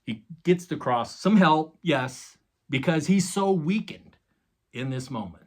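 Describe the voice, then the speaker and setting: A man's voice: fairly high pitch, expressive, measured pace. A man preaching a sermon, retelling a story dramatically with casual asides to his listeners. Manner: dramatic retelling with acted quotes and sound effects; casual, addresses listeners as guys. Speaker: pastor.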